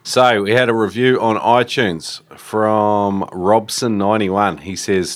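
Man, low voice, easygoing podcast host reading shout-outs. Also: steady tone, takes it slowly. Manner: easygoing, chatty, with fillers. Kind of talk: casual podcast intro.

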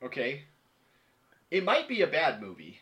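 A man co-hosting a casual movie review podcast, animated and laughing, acting out quotes as he talks. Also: on the high side, a little slow. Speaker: podcast co-host.

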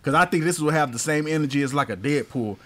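A young man co-hosting a casual podcast, talking excitedly and laughing as he lists favorites. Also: on the high side, fast talker. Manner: excited, laughing, talks over others. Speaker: podcast co-host. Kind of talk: casual chat.

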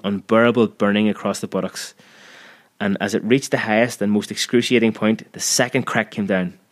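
A man narrating a story in a measured, vivid storytelling manner. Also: on the low side. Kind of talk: scripted audiobook narration.

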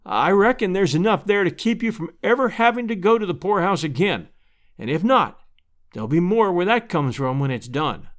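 A man's voice: sits high, lively intonation, moderate pace. A man voicing a kind, jovial returned westerner with folksy rural speech in a storybook reading. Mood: warm.

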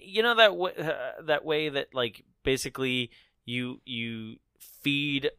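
A man co-hosting a casual movie recap chat, animated and laughing often as he acts out the characters' lines. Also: medium pitch, slow pace, smooth, dry recording, clean studio sound. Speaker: podcast co-host.

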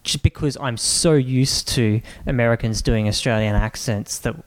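A man's voice: medium pitch, normal speed. A man co-hosting a podcast, speaking casually and searching for words with frequent restarts. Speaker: podcast co-host. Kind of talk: casual chat.

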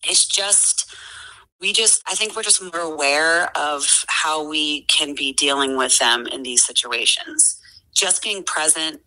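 A woman's voice: low-pitched, takes it slowly, pushed and bright, rough recording. A woman in her forties talking earnestly as a podcast guest, with many fillers and restarts. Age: 40s. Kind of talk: casual conversation.

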